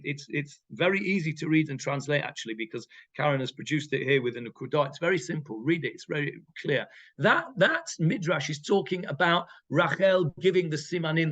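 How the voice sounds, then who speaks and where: A man's voice: a little high, fairly bright tone. A man, a rabbi leading an informal text class, reading verses and translating them with emphatic repetition. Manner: emphatic, repeats phrases, reads verses then translates. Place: community room with a group.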